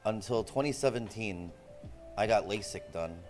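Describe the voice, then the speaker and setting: A man's voice: fairly low pitch, normal speed, faint music behind. A man in his forties telling stories in loose, profane casual chat, often tossing in "bro". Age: 40s. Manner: loose, profane, animated, says "bro" a lot. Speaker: streamer.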